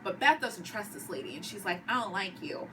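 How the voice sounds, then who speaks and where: A woman's voice: mid-range voice, animated, fairly quick, recorded from a distance, background noise. A woman vlogger giving a dramatic casual recap of a TV episode, acting out the characters' lines. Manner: dramatic storyteller who acts out lines. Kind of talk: animated casual recap with acted quotes.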